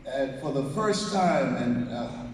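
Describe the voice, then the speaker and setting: A motivational speaker addresses an audience live in a large, echoey hall, telling a story, acting out its lines, and prompting listeners to repeat after him. His mid-range voice moves slowly with lively intonation, and the distant mic picks up a little hiss or hum.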